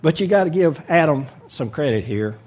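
Guy preaching, jokey folksy retelling, slightly husky, lively up and down voice. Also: a little high, normal speed. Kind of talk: humorous sermon storytelling.

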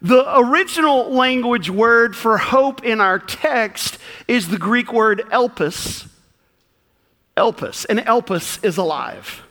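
Folksy Southern preacher, bright and high. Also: male voice, lively intonation, slow, big-room sound. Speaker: pastor. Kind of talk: sermon. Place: church sanctuary.

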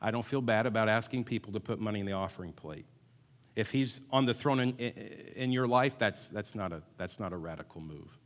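In a church sanctuary with long, echoing reverb, a pastor with a lowish voice preaches a sermon at a brisk pace. He is emphatic and repeats words, at times building to loud call-and-response with the congregation.

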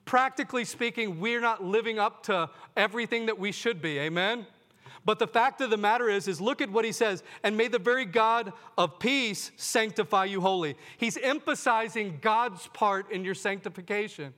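A man's voice: high-pitched, moderate pace, pushed and bright, long reverb tail. A man preaching a sermon to his congregation, earnest, often asking them questions and calling them "folks". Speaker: pastor.

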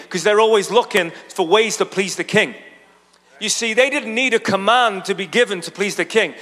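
With a high, bright and forceful voice, the pastor delivers his sermon as an easygoing, chatty story, frequently aside to the congregation. The church auditorium's large hall produces a long reverb.

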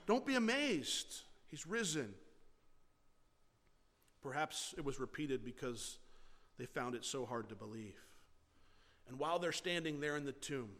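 A man preaching a sermon as pastor, swinging between loud emphasis and soft, quiet words. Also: on the high side. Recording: long reverb of a large hall.

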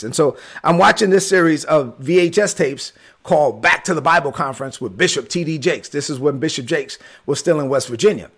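Raspy gravelly Brooklyn preacher. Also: male voice, on the high side, fairly quick. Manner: animated storyteller, acts out quotes, sudden shouts. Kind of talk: sermon-style storytelling. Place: livestream with chat.

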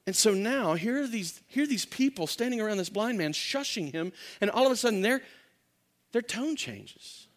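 A man's voice: high-pitched, moderate pace. A male pastor preaching a sermon, telling a story with energy, acting out quotes and often restarting his sentences. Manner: animated storytelling, acts out quotes, frequent restarts.

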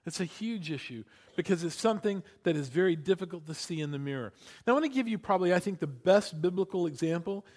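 A man preaching a sermon, telling stories with lively acted-out quotes and emphatic repetition. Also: sits high, fast. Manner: animated storytelling, acting out quotes. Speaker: pastor.

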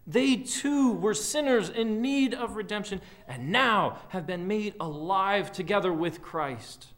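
A man preaching a sermon as a pastor in a church, earnest and often dropping quiet at the ends of phrases. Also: high voice, animated, slow. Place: church sanctuary.

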